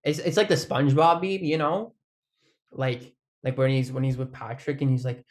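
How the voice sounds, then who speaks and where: A man talking in a casual, rambling monologue, his voice sitting at an ordinary middle pitch. He strings thoughts together with constant "like"s, casual swearing and bursts of laughter. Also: fairly even intonation, moderate pace. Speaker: vlogger.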